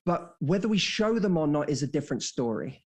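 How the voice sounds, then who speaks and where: A man's voice: a little high, very animated, fairly quick. A man in his thirties, a dating coach on a podcast, explaining ideas through stories and acting out quoted dialogue. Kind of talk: casual podcast conversation.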